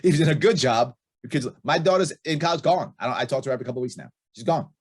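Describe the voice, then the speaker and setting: Middle-aged male podcast guest, quick and husky, blunt and emphatic, hammers his points home. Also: on the high side. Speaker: podcast guest, libertarian candidate. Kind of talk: casual podcast interview.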